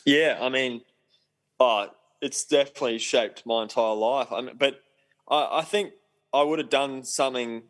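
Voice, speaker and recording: A young man, a professional sailor, chats casually as a podcast guest, laid-back and rambling with plenty of ums. His voice sits at a medium pitch with a fairly bright tone, and he talks at a normal speed. The recording quality is low.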